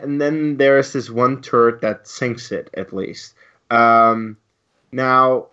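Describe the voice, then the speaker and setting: A man co-hosting a podcast, ranting heatedly with a lot of swearing. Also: medium pitch. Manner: heated, profane, animated ranting. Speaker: podcast co-host. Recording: lo-fi dull sound.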